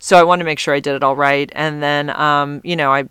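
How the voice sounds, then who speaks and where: Man, casual vlog rant, rambling asides, exasperated, crisp clear voice, dry close sound. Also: a little high, steady tone, a little fast, bright, forceful tone, dry recording. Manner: chatty, exasperated, talks in run-on asides. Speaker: vlogger.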